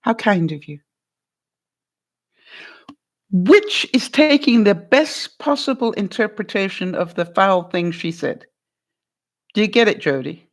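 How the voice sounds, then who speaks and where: A woman hosts an advice vlog, coaching a guest through a hard conversation in a mid-pitched voice. She is encouraging and playful, laughs often, and keeps checking in with "all right?" and "makes sense?". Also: a little slow. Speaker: vlogger giving life advice.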